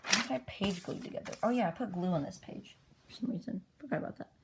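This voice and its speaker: A woman's voice: mid-range voice, fast, heavy background noise. A woman rambling breathlessly through the story of her homemade comic, popping into squealed character voices. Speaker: comic creator. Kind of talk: casual retelling of a homemade comic.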